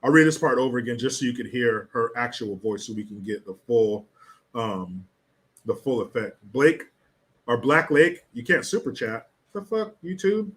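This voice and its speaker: A man's voice: mid-range voice, expressive, normal speed, a bit bright. A man hosting a casual political commentary livestream, sarcastic and blunt, swearing freely.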